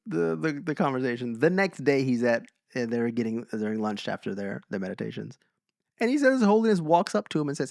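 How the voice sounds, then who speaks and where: A man co-hosting a podcast, telling stories in a casual chat and slowing down for emphasis. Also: mid-range voice, gravelly, no room sound, clean studio sound. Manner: animated storyteller, slows for emphasis. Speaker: podcast co-host.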